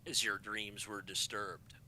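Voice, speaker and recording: A man narrating a tabletop game as game master, halting and full of filler sounds. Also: on the low side, little pitch movement, pushed and bright, a little hiss or hum.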